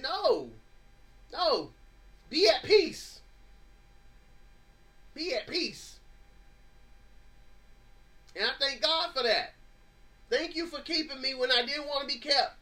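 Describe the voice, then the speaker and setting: A man's voice: extremely high pitch, sharp tone. A married man, the show's host, giving a fervent, preacherly testimony with rising and falling emphasis. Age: adult, married. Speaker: podcast host.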